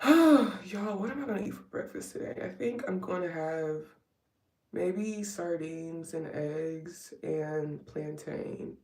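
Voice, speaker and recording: A vlogger does a live get-ready stream at home, chatting casually and rambling with wry asides while she does her makeup. Her lowish voice is darkish in tone and slow-paced. The sound is roomy, picked up from a distance.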